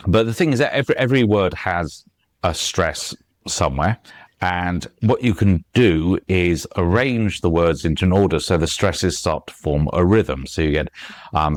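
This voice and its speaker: Man, very deep voice, dry close sound, interview guest, chatty with fillers and restarts. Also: measured pace, no echo. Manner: explains with many fillers and restarts, recites verse and taps out rhythms. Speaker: guest author. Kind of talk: conversational podcast interview.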